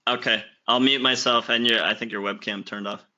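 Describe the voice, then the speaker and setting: A man's voice: mid-range voice, steady tone, fairly quick, bright, forceful tone. A man co-hosting a webinar over a video call, easygoing and a little hesitant as he sorts out audio trouble. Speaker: webinar co-host. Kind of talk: casual call chat. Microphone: computer audio on a video call. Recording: dull lo-fi online call audio.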